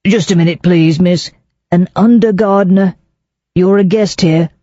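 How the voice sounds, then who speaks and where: Dour fifties inspector, slow and skeptical, mellow dry sound, by the narrator. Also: mid-range voice, steady tone, dry recording, muffled recording, close to an everyday voice. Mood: stolid. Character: gloomy, suspicious police inspector around fifty.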